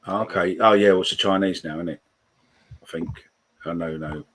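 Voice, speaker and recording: Deep husky guy in his 60s, sweary, reading viewer comments on a live podcast. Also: steady tone, moderate pace, fairly bright tone. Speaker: podcast host. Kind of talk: live call-in podcast chat.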